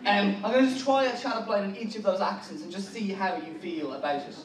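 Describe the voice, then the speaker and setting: Irish stand-up, high voice, wry rambling delivery, distant mic in a noisy room. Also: male voice, fast talker, echoey room, a crowd in the background. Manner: wry, rambling, self-correcting. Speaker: stand-up comedian. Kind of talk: stand-up comedy set. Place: large hotel conference hall.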